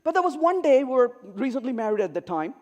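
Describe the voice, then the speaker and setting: Talking quickly in a very high-pitched voice, a middle-aged man entertains a large conference hall with a humorous keynote. He animatedly acts out the dialogue in his stories, and the hall's reverb is audible.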